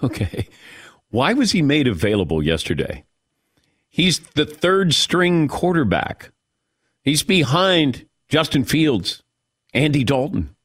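A man's voice: on the high side, takes it slowly, breathy edge, no echo, studio quality. A man hosting a sports talk show, chatting and riffing with his crew. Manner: animated, mimics players with mock voices.

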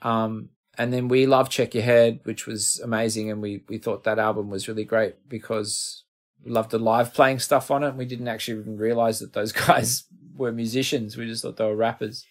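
A man's voice: mid-range voice, steady tone, normal speed. A middle-aged man with an Australian accent, a guest musician telling rambling, self-deprecating stories in a casual interview.

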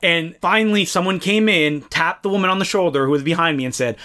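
A young adult man co-hosting a casual film podcast, telling a story with animated acted-out quotes. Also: high-pitched, fast, few pauses. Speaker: podcast co-host.

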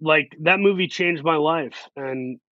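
A male actor being interviewed, telling a story in an animated way and acting out the quotes. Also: fairly high pitch, no echo. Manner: animated, acts out quotes in quick voices. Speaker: actor guest. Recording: dull lo-fi sound.

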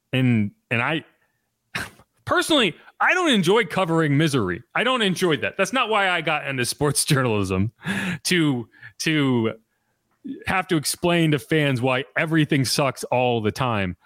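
A man's voice: fairly high pitch, a bit bright, dry recording, clean studio sound. A man hosting a sports podcast, talking loosely and conversationally with frequent restarts. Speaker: podcast host and sports reporter. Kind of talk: casual sports podcast chat.

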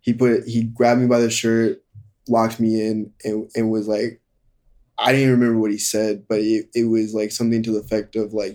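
A young man candidly telling a hard personal story in conversation, halting and full of fillers. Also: fairly low pitch, little pitch movement, darkish tone. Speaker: guest.

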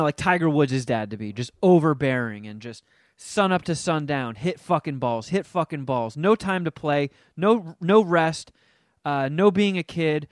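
A man with a smooth, clear voice talks loosely about a film he just watched, swearing often. He gets animated and lapses into mocking voices when recounting scenes. The recording is dry and close. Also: a little high, no room sound. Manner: profane, animated, does mocking voices in quotes. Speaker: podcast co-host reviewing a movie. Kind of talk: casual chat.

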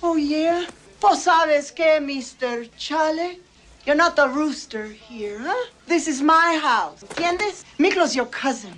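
A man putting on a shrill bossy auntie. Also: lively intonation, takes it slowly, a bit bright, exaggerated voice. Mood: scolding. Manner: scolding, mixes Spanish into English. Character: stern bossy Mexican-American aunt, middle-aged woman.

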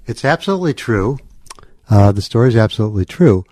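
Low, mellow man, calm and matter-of-fact. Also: fast talker. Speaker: host's husband, studio guest. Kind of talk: casual chat.

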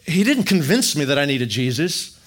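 A middle-aged man from Wisconsin telling his faith story in an animated, jokey storytelling manner. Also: fairly high pitch, normal speed. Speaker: speaker sharing testimony. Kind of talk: storytelling testimony talk.

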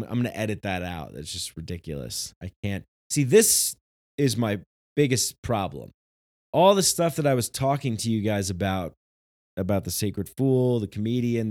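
A man's voice: mid-range voice, darkish tone, dry recording, studio quality. Passionate rambling man. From New York. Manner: passionate, rambling, many restarts. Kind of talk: casual spiritual monologue.

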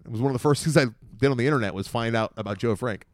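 Male podcast co-host, quick rambling storyteller, dry close sound. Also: medium pitch, dry recording. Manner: rambling storyteller, animated outbursts. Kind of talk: casual banter.

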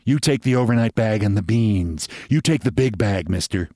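A cold, hard gangster woman who gives orders low and curt, as a man reading the story voices her. She sounds menacing and clipped, set against dry, close sound. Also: expressive, moderate pace, warm tone, no echo. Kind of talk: reading a short story aloud.

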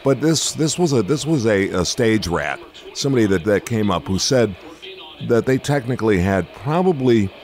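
An older man hosts a relaxed interview with a fairly low voice. He jokes easily and rambles, often trailing off mid-thought and circling back. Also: normal speed. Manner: chatty, jokey, trails off and restarts. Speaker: radio and podcast host. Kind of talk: casual interview chat.

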